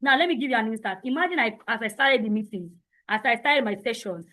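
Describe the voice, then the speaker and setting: A high-voiced woman leads an online session for teenagers. She speaks loudly and boldly, with a confident coach's delivery that pushes each point home. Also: lively intonation, quick pace, rough recording. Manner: loud, bold and confident. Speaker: teen identity coach. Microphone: online meeting.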